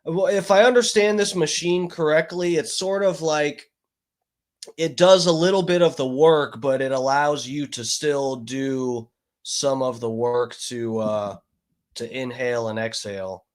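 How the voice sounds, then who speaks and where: A grieving man streaming live, talking in a halting way with many restarts and curses. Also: medium pitch, steady tone. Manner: halting, full of restarts and swearing. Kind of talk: casual livestream talk.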